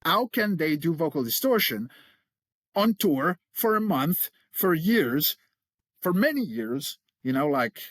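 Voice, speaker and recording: Animated middle-aged man explaining technique. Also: a little high, no echo, clean studio sound. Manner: enthusiastic, explanatory, quick to laugh. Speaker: guest, creature voice coach.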